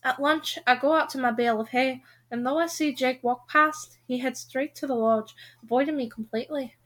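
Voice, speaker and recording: A woman reading a contemporary novel aloud in the first person, telling it with expression. Her voice is high and bright, with a clear, lively edge. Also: normal speed. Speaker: reader.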